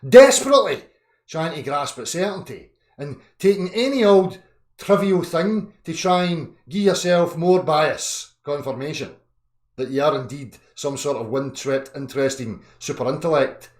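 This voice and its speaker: Angry guy in his 30s, fairly high voice, foul-mouthed live rant, echoey room. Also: moderate pace. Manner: angry, profane, swings from muttering to shouting. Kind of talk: ranting live chat. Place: indoor room.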